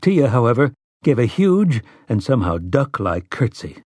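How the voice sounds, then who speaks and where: A man narrating an audiobook in a measured storytelling manner. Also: medium pitch, big pitch swings, a little mellow, dry recording. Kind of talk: scripted narration.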